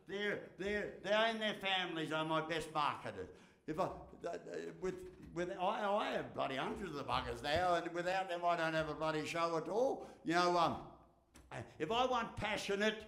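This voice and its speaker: A middle-aged Australian man with a fairly high voice gives a motivational speech in a folksy, joking way, dropping casual swear words and repeating his lines. The sound is roomy and echoey, as in a large hall. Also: fairly bright tone. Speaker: keynote speaker.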